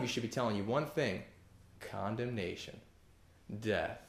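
A man preaching a sermon as pastor, animated and emphatic, rising to loud peaks and acting out the voices of objectors. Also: medium pitch, normal speed, reverberant. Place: church hall.

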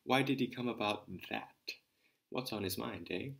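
A nosy tradesman who keeps butting in and egging everyone on, read by a man. The voice is low and plain, pushed a little louder in an audiobook scene. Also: moderate pace, gravelly. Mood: pushy. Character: meddling male tradesman, nosy and pushy.

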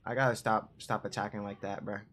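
Here the streamer's voice is lowish and fairly flat in pitch, a little fast, with slight background noise. He's frustrated and swearing at enemies, talking to the game as he plays, with game music loud behind him.

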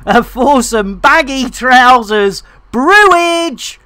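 A woman's voice: sits high, expressive, extremely slow, sharp tone, no echo. A woman streamer giving cheeky, bantering live commentary into a desk microphone.

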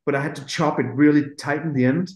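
A man, a music producer, telling animated stories in an interview, acting out quotes and swearing casually. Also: fairly high pitch, fast talker, echoey room, poor audio. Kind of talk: anecdotal interview storytelling.

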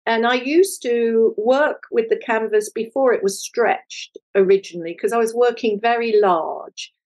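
An older woman, an artist being interviewed, telling a personal story in a lively conversational way and acting out the voices of people she quotes. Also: on the high side, unhurried, low-quality recording. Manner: animated, acts out quoted voices. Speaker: guest, multimedia artist.

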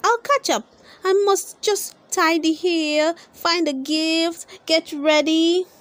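A busy old village woman frets over chores, voiced by a woman reading a storybook. Her voice sits high and swings about as she fusses and questions, anxious and hurried in manner. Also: very animated, a little mellow, dry recording. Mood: flustered. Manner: fretful, flustered questioning.

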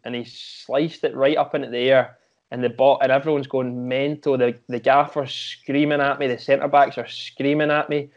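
A man's voice: mid-range voice, lo-fi sound. A young Scottish man, a former footballer, talking casually as a podcast guest and often restarting his sentences with repeated words. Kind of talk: casual interview chat.

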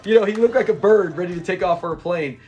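A young man casually breaking down a sitcom episode, excitable and often laughing as he retells scenes. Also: high-pitched, fast, highs cut off, a little hiss or hum. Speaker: show reviewer.

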